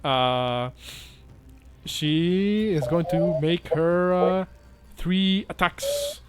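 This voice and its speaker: A man's voice: sits high, wildly swooping pitch, noisy background. A man running a tabletop game as game master, narrating with frequent hesitations. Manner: halting, many "uh" fillers.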